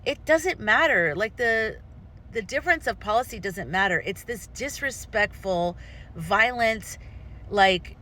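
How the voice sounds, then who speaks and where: An American woman vlogger shares her personal opinions with passion, rambling and frequently restarting her sentences. Her medium-pitched voice is a little slow, pushed and bright, with slight background noise in the recording.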